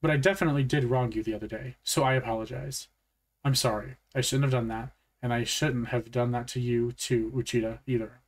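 A man reading a novel aloud in a calm, matter-of-fact first-person narration. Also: medium pitch, a little fast. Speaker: audiobook reader. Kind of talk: audiobook narration.

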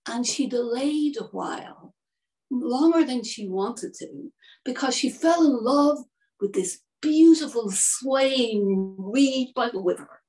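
Woman telling a story, slow and gentle, creaky mellow voice, mic far off. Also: on the high side, lively intonation. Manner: unhurried, gentle narration. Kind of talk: spoken storytelling. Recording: distant from the mic.

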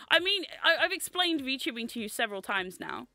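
A young woman hosting a livestream, excitable and giggly in casual chat. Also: high-pitched, dry recording. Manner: excitable, giggly, quick reactions. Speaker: streamer, host.

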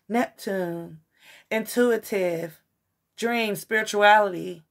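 A woman giving a casual tarot reading, emotional and excitable, with slangy chat. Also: fairly low pitch, moderate pace. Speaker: tarot reader.

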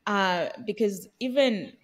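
A woman co-hosting a podcast, talking in a lively, conversational way with playful asides. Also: mid-range voice, slow pace. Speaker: podcast co-host. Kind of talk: casual conversation.

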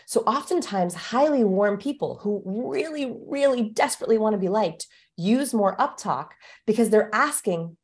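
A woman's voice: mid-range voice, moderate pace. A woman guest expert in an interview, explaining and coaching with energy and walking the listener through exercises. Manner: energetic, coaching, demonstrates vocal examples. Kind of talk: instructive interview talk.

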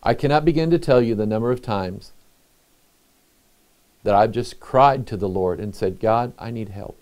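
A middle-aged man, a pastor, preaching a sermon in an earnest, conversational way with pauses. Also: fairly low pitch, darkish tone.

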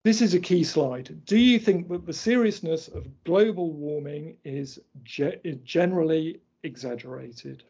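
Husky man giving a lecture. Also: on the high side, mellow. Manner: explaining slides point by point, measured and precise. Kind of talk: academic lecture. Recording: dull lo-fi lecture recording.

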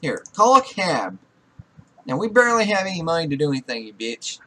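Bright, animated young man swearing at a game. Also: on the high side, fairly quick, slight background noise. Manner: exasperated, scolds the game characters, swears a lot. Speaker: gaming YouTuber. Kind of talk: profane Let's Play commentary.

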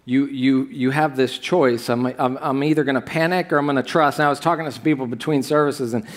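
A man's voice: medium pitch, steady tone, fairly quick. A man preaching a sermon from a church stage, talking conversationally with the congregation, full of asides and questions to them. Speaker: pastor.

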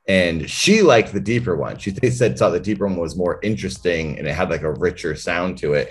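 A man with a notably deep, low-pitched voice chats as an interview guest. He speaks reflectively, thinking out loud as he goes, with faint music sitting under his voice. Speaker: interview guest, comedian and character performer. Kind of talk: casual interview chat.

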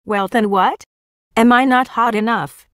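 A woman's voice: a little high, unhurried, fairly bright tone, no echo, clean studio sound. A woman voicing an insecure, pouty teenage girl in an audiobook. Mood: pleading.

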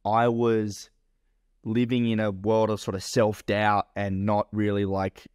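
A man's voice: on the low side, level tone, unhurried, a little mellow, smooth, no room sound, studio quality. A man co-hosting a podcast, telling a story in a rambling, casual way, full of fillers and swearing. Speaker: podcast co-host and business owner.

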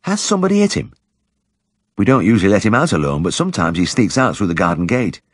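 A man voicing a shy, cheerful middle-aged village woman with a bright, chatty manner, in a dry recording. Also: on the low side, big pitch swings, quick pace, no room sound, pitched above the performer's own voice.

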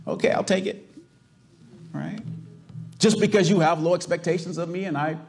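A man's voice: high-pitched, fairly even intonation, normal speed, gravelly, a little mellow, faint music behind. A middle-aged male pastor from the US South with a Californian accent, preaching emphatically and asking the congregation rhetorical questions. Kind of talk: sermon.

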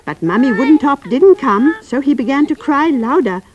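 A woman narrating a children's story in a gentle, coaxing way, asking the young listener questions. Her pitch rises and dips with much expression. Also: lively intonation, moderate pace, lo-fi sound.

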